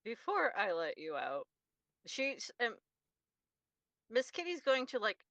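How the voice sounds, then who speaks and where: A woman player at a tabletop game with a bright, sharp tone. She often hesitates and repeats words before she gets to her point. Her mic sounds muffled and dull. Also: a little high, big pitch swings, slow. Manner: hesitant, stammering.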